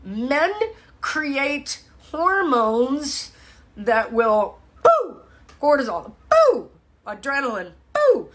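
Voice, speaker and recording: A woman's voice: high voice, sing-song, drawn-out words, a bit bright. A middle-aged woman, a personal trainer, talking bluntly and profanely in a casual live stream. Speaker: personal trainer and fitness instructor.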